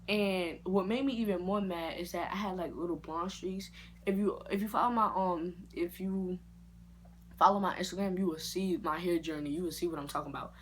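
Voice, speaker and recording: A woman vlogger telling a personal story in a casual, slangy and expressive way. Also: lowish voice, fairly quick, a little hiss or hum. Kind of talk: story time vlog.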